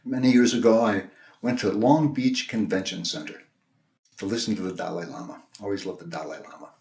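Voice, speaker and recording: An older man, a minister, telling a personal story in a sermon, in a gentle, conversational, halting way with many restarts. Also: on the low side, fairly even intonation, gravelly. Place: church sanctuary. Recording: roomy echo.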